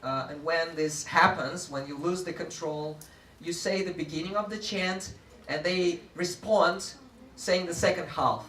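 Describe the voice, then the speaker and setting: A man presenting a workshop to teachers with lively energy, leading a live audience through group chants. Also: on the high side, measured pace. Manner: animated, often laughing, leads group chants. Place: large room with a live audience. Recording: echoey room, far from mic, audience noise.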